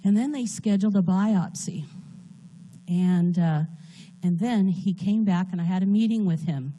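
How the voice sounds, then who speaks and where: A woman giving a personal testimony in a church, speaking earnestly and haltingly while holding back tears. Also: lowish voice, mellow.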